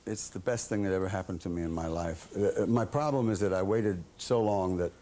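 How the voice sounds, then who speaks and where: Deep and dark in tone, this sixty-something Southern American man talks fairly quickly. He's a guest on a TV talk show before a studio audience, chuckling through casual, self-deprecating stories.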